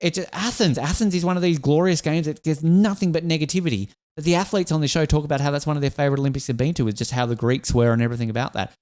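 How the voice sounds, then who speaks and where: An Australian man hosting a podcast, talking quickly and eagerly. He gets emotional and stumbles through restarts as he chats in a casual way. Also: on the high side, a little mellow. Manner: enthusiastic, emotional, many restarts. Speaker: podcast host.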